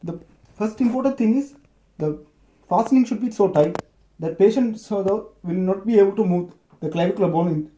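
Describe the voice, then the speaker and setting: A man explaining how to bandage a clavicle injury, halting and often restarting his sentences. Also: sits high, dark tone, a little hiss or hum. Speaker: medical student demonstrating first aid. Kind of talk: unscripted explanation.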